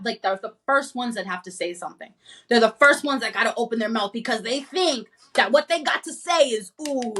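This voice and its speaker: A woman co-hosting a casual podcast, ranting in a blunt and profane way. Her voice sits high and sounds bright. She talks with lively, cutting energy. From not from the American South. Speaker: podcast co-host. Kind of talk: casual chat.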